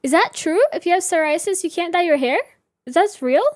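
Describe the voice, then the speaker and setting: A woman in her thirties with a high voice chats casually with her viewers. She is giggly and talkative. The sound is dry and close, with no room echo. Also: fairly quick. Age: 30s. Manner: chatty, giggly, reads chat aloud. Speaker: livestream host. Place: home room with reading chair.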